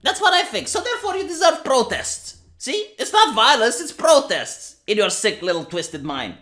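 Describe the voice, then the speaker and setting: A Romanian woman streams commentary, ranting as she reads tweets aloud, exasperated and sarcastic and repeating herself. Her voice is a little high and a bit bright, very animated, at normal speed.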